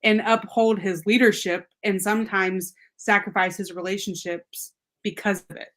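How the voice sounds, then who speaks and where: A woman's voice: medium pitch, level tone, normal speed, fairly bright tone. A woman hosting a casual book discussion, often agreeing and adding her own thoughts. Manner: supportive listener, frequent agreeing sounds. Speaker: book club host.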